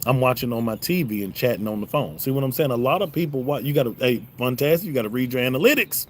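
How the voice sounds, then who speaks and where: A middle-aged man with a Southern drawl chats loosely on a livestream, his pitch swinging up and down as he jokes with viewers. The recording has a faint hiss of background noise behind his mid-pitched voice. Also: expressive, fast talker. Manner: laid-back, joking, talks back to chat. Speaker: YouTube host reading live chat. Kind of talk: casual livestream chat. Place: home, smoking a cigar on a livestream.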